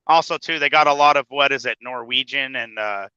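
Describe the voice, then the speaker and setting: A man with a very bright, sharp voice talks casually from behind the wheel of his truck. He swears freely and laughs between lines, and he stammers through his stories. The sound is dull and lo-fi, with a dry close feel. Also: mid-range voice, fairly quick, smooth, dry recording. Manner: profane, laughs often, stammers when telling a story. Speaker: podcast host. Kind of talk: casual chat. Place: truck cab, driving.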